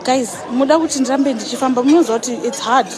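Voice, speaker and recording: Woman, bright high chatty greetings, phone-camera vlog, loud crowd behind. Casting note. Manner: bubbly, chatty, quick friendly greetings. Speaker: vlogger filming guests at a ball. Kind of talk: live-stream walkaround greetings. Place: large indoor ballroom. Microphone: handheld phone camera.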